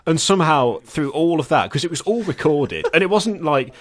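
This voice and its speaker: A man's voice: on the high side, expressive, normal speed, few pauses. A man co-hosting a casual chat, rambling and laughing between phrases. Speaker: co-host.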